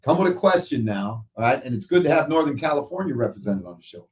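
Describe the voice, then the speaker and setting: A male show host telling lively stories in casual chat, often tagging lines with "right?". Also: mid-range voice, quick pace, distant mic. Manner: animated storyteller, frequent "right?". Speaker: show host, football analyst.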